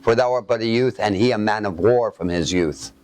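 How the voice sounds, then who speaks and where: A man with a lowish, darkish-toned voice preaches a sermon a little fast. He reads scripture aloud and then comments on it, asking listeners to fill in the missing words.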